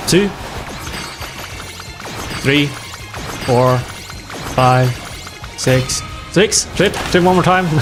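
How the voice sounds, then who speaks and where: A man streaming a game, chatting casually and reacting with dramatic, self-mocking exclamations and frequent laughs. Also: medium pitch. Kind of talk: casual gaming livestream chat.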